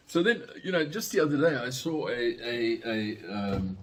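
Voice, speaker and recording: A man's voice: medium pitch, lively intonation, brisk, hardly any pauses. An older man telling a casual, rambling anecdote, full of fillers, restarts and chuckles. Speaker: storyteller.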